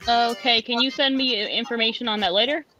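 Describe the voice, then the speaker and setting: A woman's voice: a little high, steady tone, fairly quick, bright, forceful tone, faint music behind, rough recording. A woman playing a tabletop game, speaking briefly and hesitantly. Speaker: player.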